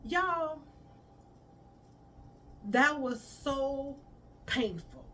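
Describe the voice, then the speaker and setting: A woman with a high, slightly bright voice speaks extremely slowly but animatedly, recorded from some distance with a faint hiss behind her. Telling a personal story for her storytime vlog, she addresses viewers as "y'all" and voices each person's lines in turn.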